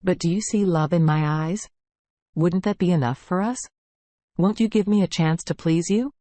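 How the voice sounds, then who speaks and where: A woman's voice: lowish voice, normal speed, dark tone, no echo, lightly acted. A woman voicing an apologetic young husband. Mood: pleading. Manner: apologetic, earnest. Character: young husband, anxious and pleading.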